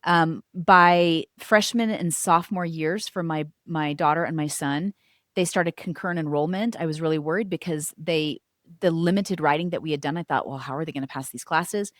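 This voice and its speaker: A middle-aged woman, a former teacher and homeschooling mother, telling her family's story in an interview, animated and acting out what others said. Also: low voice, moderate pace, no room sound, studio quality. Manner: animated, acts out quoted voices.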